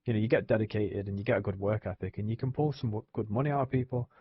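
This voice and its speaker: A man's voice: fairly low pitch, steady tone, racing, slightly rough, dry recording, muffled recording. A young man, rambling casually on a live stream, swearing often and filling gaps with "you know what I mean". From England.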